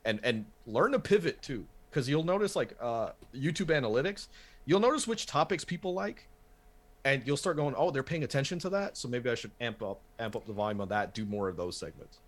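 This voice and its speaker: A man's voice: mid-range voice, big pitch swings, brisk. A man who hosts a wrestling podcast, talking casually and animatedly, swearing and restarting his sentences.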